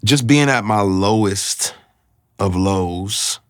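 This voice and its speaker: A man sharing a personal faith testimony, earnest and confessional, often pausing to find his words. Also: on the low side, a bit bright.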